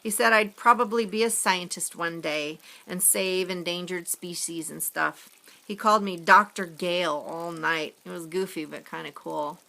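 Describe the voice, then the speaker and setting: Woman teacher, read-aloud storytime, gravelly low voice, bright tone. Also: moderate pace. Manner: expressive, storytelling. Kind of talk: reading a story aloud to a class.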